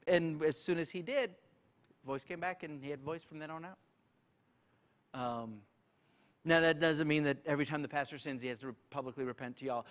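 A man's voice: on the high side, fairly bright tone. A male pastor, leading a church Q&A in a folksy, joking way. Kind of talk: church Q&A teaching.

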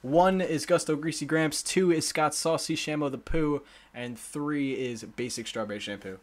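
A man's voice: fairly high pitch, normal speed. A young man streaming a game, joking and self-deprecating as he talks to his chat. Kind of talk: casual game commentary.

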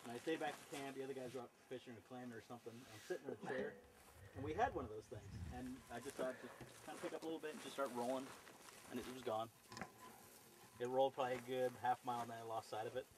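Fast-talking laid-back man. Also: medium pitch, fairly even intonation, crowd noise, low-quality recording. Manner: laid-back, swears casually. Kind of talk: casual chat.

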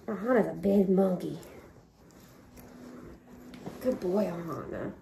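A woman talking in doting baby talk to her pet monkey at home, often hushed and cooing. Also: a little high, animated, moderate pace, long pauses, a little hiss or hum. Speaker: pet owner vlogger.

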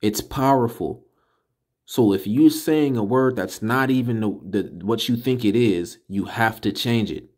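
A man teaching a casual class, correcting pronunciation in an emphatic way and slowly sounding out syllables one by one. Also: mid-range voice, a little mellow. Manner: slow, deliberate, repeats and sounds out syllables. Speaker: teacher of a religious language class. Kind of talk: casual spoken lesson.

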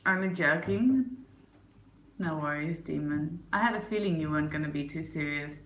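A woman's voice: mid-range voice, lively intonation, normal speed, a bit bright, reverberant, a little hiss or hum, rough recording. A woman casually chatting on her livestream, reading chat aloud and teasing viewers, with an accent that is not American. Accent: non-American. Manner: playful, teasing, laughs often. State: has a headache.

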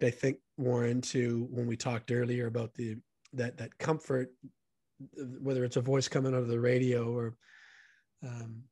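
A man's voice: medium pitch, a little mellow, dry recording. Earnest man telling stories, dry close mic. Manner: earnest, enthusiastic storyteller. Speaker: podcast guest. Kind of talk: casual storytelling conversation.

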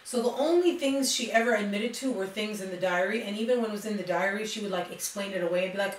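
A woman's voice: mid-range voice, fast talker, hardly any pauses. A woman hosting a true crime video, telling the story casually and reading out quotes. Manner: chatty, reads quotes aloud, frequent "like". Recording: roomy, distant mic with faint noise.

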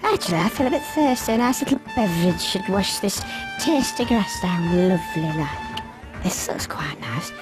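A woman's voice: mid-range voice, animated, moderate pace, close to an everyday voice. A woman playing a prim fussy cow. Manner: genteel, prissy, fretful. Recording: game audio with music behind.

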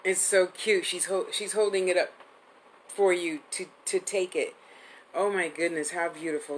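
A psychic medium host in her fifties speaks at normal speed in a lowish voice with fairly even intonation. The rough recording carries a little hiss or hum. Her live-streamed reading is chatty and affectionate, rambling with restarts.

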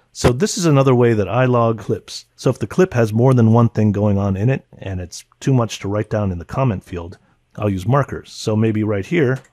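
A man teaching a software editing tutorial, naming keyboard shortcuts in short clipped bursts as he demonstrates. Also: on the low side, husky, no echo. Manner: calls out key names in short clipped bursts. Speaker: video editing instructor. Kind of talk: screen-recorded software tutorial.

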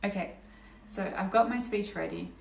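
Chatty young woman with a gravelly edge. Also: mid-range voice, normal speed, recorded from a distance, a little hiss or hum. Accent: Australian. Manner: chatty, rambling, many fillers and restarts. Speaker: vlogger. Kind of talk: casual chat to camera. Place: indoor room at home. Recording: echoey room, slightly off-mic.

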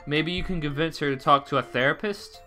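A man's voice: fairly high pitch, fairly quick, pushed and bright, faint music behind. A young man doing let's play commentary and reading game dialogue aloud, jumpy and dramatic, swearing and breaking into sudden outbursts. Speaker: gameplay commentator.

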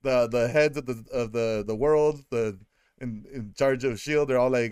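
A man in a casual podcast chat, rambling through a film recap with laughs and quick put-on voices for the characters. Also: medium pitch, fairly even intonation, darkish tone, smooth, no room sound, studio quality. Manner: rambling, laughing, acting out lines. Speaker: podcast co-host.

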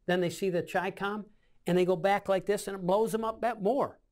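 A man's voice: high-pitched, fairly even intonation, moderate pace, darkish tone. A man in his seventies, a war veteran, recounting combat memories in an oral-history interview, acting out scenes with sound effects. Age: 70s.

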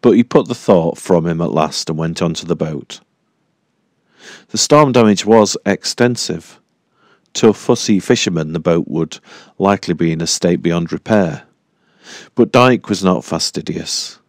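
A man reading a horror audiobook in a measured, deliberate storytelling manner. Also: sits low, a little mellow, no room sound, studio quality. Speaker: audiobook narrator. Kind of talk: scripted horror narration.

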